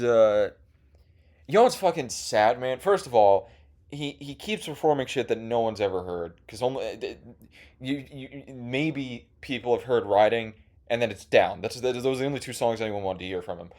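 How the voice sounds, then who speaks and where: A young man rambles through a comedic story, swearing freely and trailing off into fillers. His voice sits at an ordinary middle pitch, and his delivery is sarcastic and loose. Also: darkish tone. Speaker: host. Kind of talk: casual comedic monologue.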